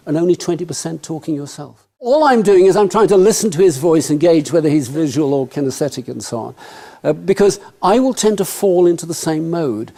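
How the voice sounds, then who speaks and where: A man speaks to a live audience about networking, joking and turning to them with questions. His voice sits a little high, with a mellow, relaxed tone. He sounds at ease in front of the room. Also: creaky. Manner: humorous, conversational, addresses the audience directly. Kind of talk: motivational talk to an audience.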